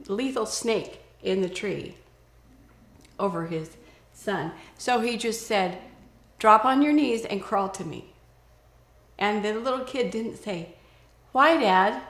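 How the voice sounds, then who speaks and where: An older woman talking earnestly and casually about raising children, telling stories and acting out what she would say. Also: medium pitch. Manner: earnest, storytelling, acts out quoted lines. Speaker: parenting speaker. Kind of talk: casual conversational advice. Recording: roomy echo.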